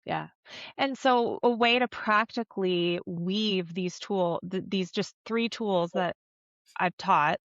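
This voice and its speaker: A woman somatic coach, a podcast guest, explaining calmly and earnestly in an interview. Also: medium pitch, slow, no echo, lo-fi sound. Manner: earnest, coaching, acts out little quoted voices.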